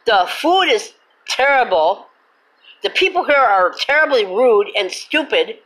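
A woman's voice: fairly high pitch, animated, measured pace, fairly bright tone, poor audio. A woman hosting her own show, ranting with indignation, cussing and then apologizing for it. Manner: repetitive, emphatic complaining. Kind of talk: angry rant.

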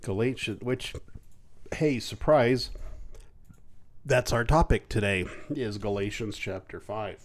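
A man's voice: on the low side, normal speed, few pauses, a little hiss or hum. A man co-hosting a podcast, chatting casually with playful joking asides. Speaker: podcast co-host. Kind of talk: casual chat.

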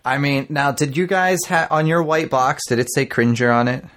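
A man hosting a casual podcast, leading relaxed, jokey banter with his co-hosts. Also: medium pitch, moderate pace. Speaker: podcast host. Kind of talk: casual chat.

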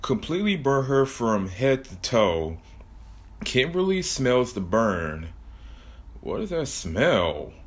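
Slow-talking man reading a goofy horror story. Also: medium pitch, big pitch swings. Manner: jokey asides, laughs at own story.

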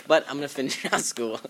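A man's voice: mid-range voice, moderate pace, crowd noise. A teenage man in casual podcast chat with friends, joking and laughing as he talks. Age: teens. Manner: jokey, laughs often. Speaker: podcast co-host.

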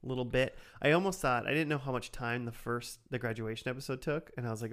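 A man's voice: mid-range voice, fast, fairly bright tone. A man co-hosting a podcast, recapping an episode in rambling casual chat with many fillers. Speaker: podcast co-host recapping a cartoon.

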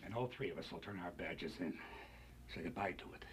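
An actor playing a furious police captain in a film, seething and swinging between hushed and loud lines. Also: male voice, deep voice, fairly quick, close to an everyday voice. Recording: film clip with faint score.

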